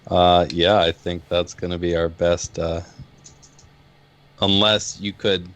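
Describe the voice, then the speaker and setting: Deep-voiced man thinking aloud. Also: level tone, slow, fairly bright tone. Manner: thinking aloud, hesitant, many fillers. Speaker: player. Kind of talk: casual tabletop game planning.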